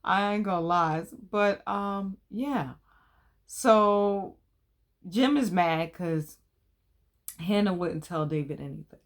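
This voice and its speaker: A woman's voice: medium pitch, slow. A woman in her thirties, hosting a casual recap of a TV episode, talking in a chatty, colloquial and opinionated way. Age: 30s.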